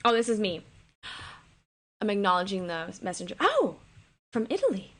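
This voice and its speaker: A woman's voice: mid-range voice, very animated, normal speed. Woman streamer just chatting, says like and basically a lot, super casual. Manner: chatty, loose paraphrasing full of "like" and "basically", often laughing. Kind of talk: casual live-stream chat while rehearsing a play.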